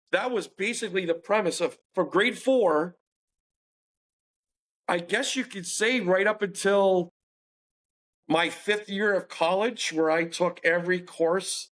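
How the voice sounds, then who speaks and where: A man's voice: high voice, fairly bright tone. A man telling a personal story as a podcast guest, earnest and confessional, acting out the dialogue he quotes.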